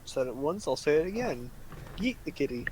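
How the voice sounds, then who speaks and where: A man's voice: on the high side, very animated, fairly quick, darkish tone. A man joking and teasing during a casual group chat on a stream. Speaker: guest. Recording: faint background noise.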